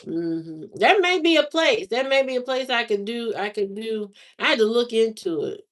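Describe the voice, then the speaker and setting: A woman's voice: fairly high pitch, animated, normal speed. A woman from Indiana hosting a livestream, chatting casually with viewers in slangy, repetitive talk full of fillers. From Indiana, USA. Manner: slangy, drawling talk with lots of repeats and fillers. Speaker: livestream host. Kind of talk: casual chat answering live viewers.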